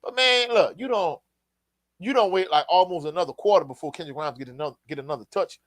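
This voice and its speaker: A man with a fairly high voice rants through a postgame football reaction in blunt, exasperated slang, now and then reading out viewer comments. The recording is dry and close, with no room sound. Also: quick pace, a bit bright, dry recording. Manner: blunt, exasperated and ranting, casual slang, reads out chat comments. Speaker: sports show host. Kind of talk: heated postgame football reaction, live stream.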